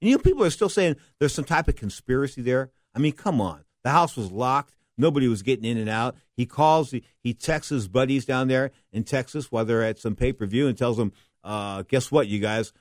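A man's voice: medium pitch, a little fast, no echo, clean studio sound. Rambling man telling wrestling stories. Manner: rambling, animated, stops to correct names. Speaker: wrestling history podcast host. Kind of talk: casual storytelling monologue.

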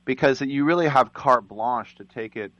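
A man's voice: mid-range voice, normal speed, a bit bright, dry recording, dull audio. A man hosting an interview, asking chatty, teasing questions. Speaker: interviewer, host.

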